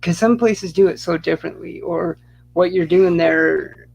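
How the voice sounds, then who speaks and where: Casual male co-host, gravelly, a bit high, rambles and restarts a lot. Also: a little slow, darkish tone, a little hiss or hum. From Utah. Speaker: podcast co-host. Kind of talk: casual chat.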